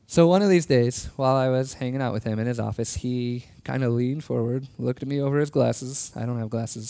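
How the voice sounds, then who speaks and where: A man giving a sermon, telling a personal story in an earnest way with soft laughs, and slowing down to stress key words. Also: mid-range voice, creaky, no room sound. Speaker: preacher.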